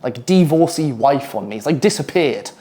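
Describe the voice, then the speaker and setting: A young British man from the UK, telling a work story casually to camera, swearing often with animated asides. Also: medium pitch, moderate pace.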